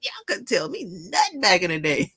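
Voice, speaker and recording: A woman's voice: lowish voice, moderate pace, breathy edge, dry recording. A woman with a Detroit accent telling stories animatedly in a casual chat, laughing often and swearing freely. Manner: animated storytelling, frequent laughter, profane. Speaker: podcast host.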